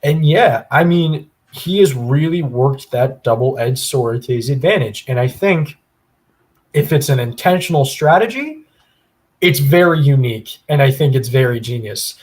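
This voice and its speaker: A man's voice: mid-range voice, animated, measured pace. A man co-hosting a podcast, giving a long, opinionated analysis in casual chat with plenty of fillers. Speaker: podcast co-host.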